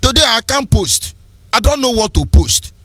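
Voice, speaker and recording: A man's voice: very high voice, sing-song, normal speed, fairly bright tone, slightly rough, no room sound. A man with a Nigerian accent hosting a fiery political radio commentary, ranting in an impassioned, preachy sing-song. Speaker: radio host.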